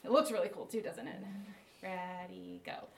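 A woman's voice: on the low side, steady tone, moderate pace, gravelly, a loud crowd. A woman teaching a workshop group, chanting rhythmic phrases and showing the motions. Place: classroom with participants. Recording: echoey room, mic from far off, loud noise.

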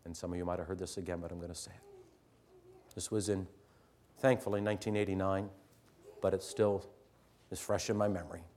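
A middle-aged man, a teacher addressing fellow teachers, telling a story earnestly, swinging from loud emphasis to hushed near-whispers. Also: sits low, fairly even intonation, brisk, long pauses. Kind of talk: storytelling talk to an audience.

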